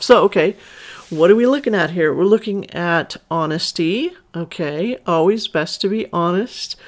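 Casual storyteller reading aloud. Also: medium pitch. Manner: casual, chatty asides. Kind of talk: erotic story narration with commentary.

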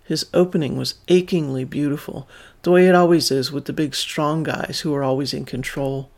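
Man, story reading, calm and measured, raspy fry, a bit high-pitched. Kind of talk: reading a first-person story aloud.

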